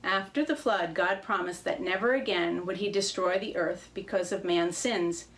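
Woman telling a fable, measured. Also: on the low side, rough recording. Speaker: church reader. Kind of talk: storytelling.

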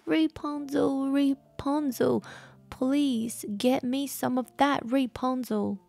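A desperate peasant wife, voiced by a female storyteller, begs in a high, thin plea. Soft music plays beneath the storybook reading. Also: steady tone, slow, gravelly, exaggerated voice. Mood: pleading. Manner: high begging tone. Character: pleading sickly farmer's wife.

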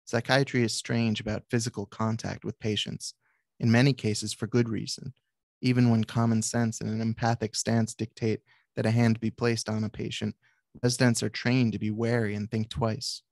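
Gravelly man reading his memoir. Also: fairly low pitch, little pitch movement, a little mellow, no room sound, clean studio sound. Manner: measured, with brief asides to the audience. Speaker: author and psychiatrist. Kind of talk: reading aloud from his book.

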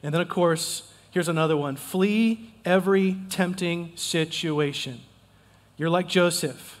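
A pastor preaching in a fairly high voice, emphatic and folksy, driving home points by repeating them. His voice carries a long reverb from the church sanctuary. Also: measured pace. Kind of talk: sermon.

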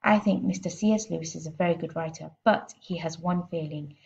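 A woman's voice: sits low, fairly quick, vocal fry, darkish tone. A woman doing a small, clever, polite girl. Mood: earnest. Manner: earnest and precise. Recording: slightly muffled lo-fi recording.

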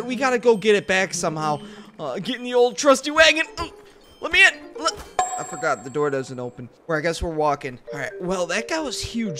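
A young man giving excited gameplay commentary, jumpy and yelping and shouting in panic. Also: extremely high pitch. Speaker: gaming YouTuber. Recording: music playing behind the voice.

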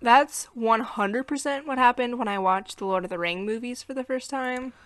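Chatty American woman with a bright voice. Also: a little high, normal speed, no echo. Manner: chatty, laughs at her own slips, recaps plot. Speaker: podcast co-host. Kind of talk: casual movie review chat.

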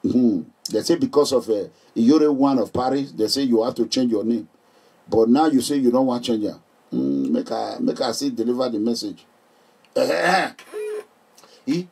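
Animated Nigerian man, husky and distant. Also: medium pitch, moderate pace. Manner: animated, joking, laughs often. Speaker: vlogger. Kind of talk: casual chat to viewers. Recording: voice distant from the mic.

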